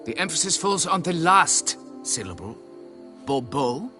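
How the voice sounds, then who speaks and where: An actor voicing a pompous, condescending aristocrat who owns a vineyard, in a video game, with faint music behind. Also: male voice, a little high, big pitch swings, normal speed, bright, forceful tone. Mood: fussy. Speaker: nobleman quest giver.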